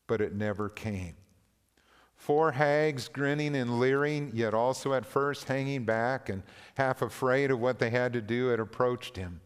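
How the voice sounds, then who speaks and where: A man preaching a sermon, reading a story and scripture aloud in a slow, earnest, deliberate manner. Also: medium pitch, clean tone. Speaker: pastor. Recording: long reverb of a large hall.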